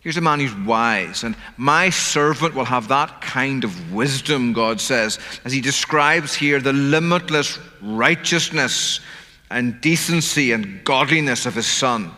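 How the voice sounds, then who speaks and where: Man preaching, emphatic, bright tense voice, long church reverb. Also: medium pitch, animated. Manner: emphatic, slows to stress key words. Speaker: pastor. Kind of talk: sermon. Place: church sanctuary.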